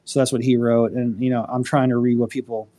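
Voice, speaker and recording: A man's voice: mid-range voice, level tone, fairly quick, mellow. Rambling, cussing male host. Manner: rambling, profane, many fillers. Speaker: attorney. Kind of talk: casual live chat.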